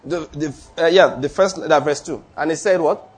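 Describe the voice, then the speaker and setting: Male preacher, sermon, high-pitched voice, husky tone, slow deliberate scripture reading. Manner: conversational, asks the congregation questions; reads scripture slowly and deliberately.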